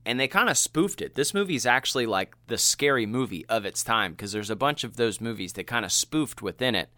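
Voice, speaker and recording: Lively, bright-voiced man chatting casually. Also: a little fast, no echo. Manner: animated, laughing, acts out quotes in a high voice. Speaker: podcast co-host. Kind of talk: casual movie chat.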